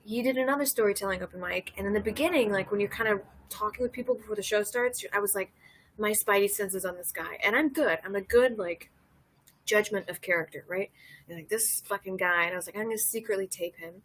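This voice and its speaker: Breathy woman, thirties, loose chatty livestream host, giggly storyteller. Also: medium pitch, fairly quick, fairly bright tone. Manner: rambling, laughing storyteller reading chat. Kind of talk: casual drinking livestream chat.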